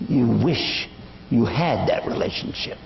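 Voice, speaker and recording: A man's voice: mid-range voice, measured pace, vocal fry, slight background noise. Older man preaching in an echoey hall. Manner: animated storytelling, acting out quoted voices. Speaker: Islamic preacher. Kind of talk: lecture. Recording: echoey hall, dull lo-fi sound.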